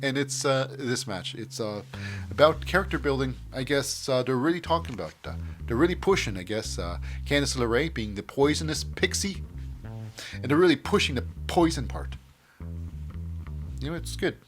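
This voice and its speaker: A man's voice: medium pitch, lively intonation, normal speed, faint music behind. A man hosting a show, casually recapping in a rambling way, often acting out scenes in voices. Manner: rambling, many fillers and restarts, acts out scenes. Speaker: podcast host.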